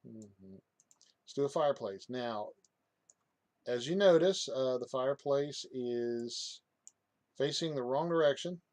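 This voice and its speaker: A man giving a casual software walkthrough, hesitant, with many fillers and restarts. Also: mid-range voice, lively intonation, slow, long pauses, no echo. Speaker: software reviewer. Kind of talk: casual screen-recorded tutorial.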